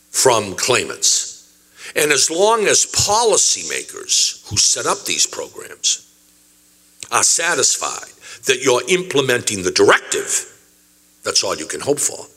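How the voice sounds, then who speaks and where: An older man who administers compensation funds, speaking to an audience with dramatic pauses and repeated emphasis. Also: medium pitch, bright, forceful tone. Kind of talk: speech to an audience.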